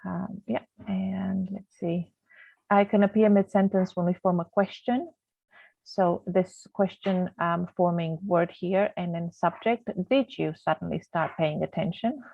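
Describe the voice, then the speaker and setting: A woman's voice: medium pitch, gravelly, dry recording. A woman teaching a grammar lesson over slides in a chatty way, with many ums, sometimes losing her thread. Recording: tinny phone-like, dry sound.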